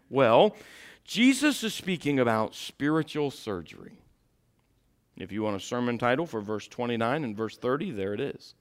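A man preaching a sermon as pastor, folksy and direct with the congregation, moving from quiet asides to loud shouted passages. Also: mid-range voice, big pitch swings, normal speed.

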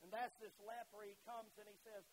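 A man with a very high voice preaches a sermon with passion, surging to loud emphatic peaks. He repeats phrases and breaks in with asides and fillers. A faint hiss runs under the recording. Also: flat delivery, brisk, rough recording. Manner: repetitive, with frequent filler and "listen" asides.

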